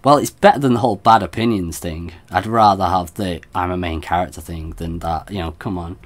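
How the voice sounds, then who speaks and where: A man's voice: sits low, brisk. A man giving chatty, self-deprecating commentary while streaming a game. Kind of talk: let's play commentary.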